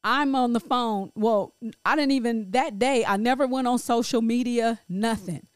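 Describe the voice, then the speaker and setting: A middle-aged grieving woman speaking in a halting, emotional personal monologue full of restarts. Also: fairly high pitch, clear, resonant tone, dry recording, studio quality. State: grief-stricken. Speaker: grieving mother sharing her story.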